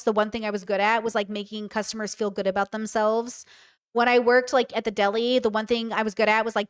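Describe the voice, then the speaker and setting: A woman's voice: fairly high pitch, clean tone. A woman in her thirties hosting a casual livestream, talking candidly and swearing freely as she answers her chat. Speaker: streamer host.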